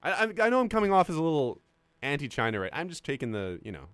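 A man's voice: on the high side, very animated, fairly bright tone, dry recording. A young man co-hosting a comedy podcast, teasing and joking in casual banter. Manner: playful, teasing, quick jokes.

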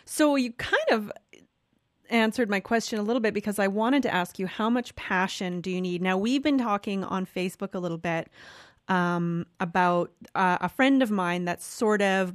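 A woman's voice: mid-range voice, dry recording, clean studio sound. A woman hosting an interview, asking questions with a hesitant, searching manner. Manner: hesitant, many fillers and restarts while asking. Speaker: interview host. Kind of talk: conversational interview.

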